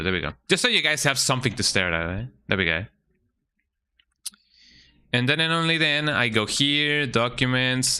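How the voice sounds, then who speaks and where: A man streams a game in casual live chat, his mid-range voice bright, forceful, clear, and resonant. He mutters to himself while reading setup steps aloud and often caps his lines with "eh?".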